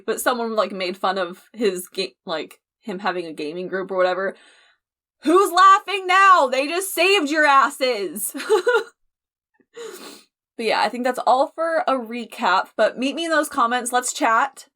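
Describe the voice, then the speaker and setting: Young female reaction host, a bit high-pitched, chatty and expressive, laughs a lot. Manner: animated and emotional, laughs often, speeds up for sign-off. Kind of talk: casual reaction commentary.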